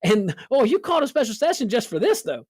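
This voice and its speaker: A woman's voice: fairly high pitch, sing-song, quick pace, a little mellow, husky, no echo, clean studio sound. A woman hosting a political talk show, sarcastic and full of rhetorical questions. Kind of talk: casual political commentary.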